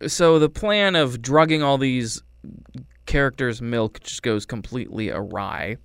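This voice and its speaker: A man giving a casual, rambling film review with a wry tone, dropping into quick character voices. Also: medium pitch, fairly bright tone, clean tone, no echo, studio quality.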